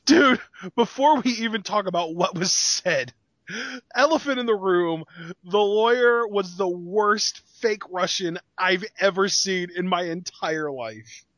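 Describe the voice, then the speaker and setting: A man co-hosting a casual wrestling review show, excitable and jokey, with lots of fillers. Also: high-pitched, unhurried, no echo. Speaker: podcast co-host.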